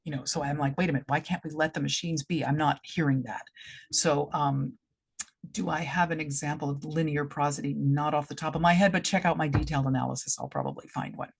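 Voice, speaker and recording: A woman's voice: sits low, steady tone, fairly quick, gravelly, breathy edge. A middle-aged woman, a director giving feedback in a vlog, talking through her points with frequent restarts and tapping out beats aloud. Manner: restarts and demonstrates stresses aloud. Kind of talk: explanatory vlog talk.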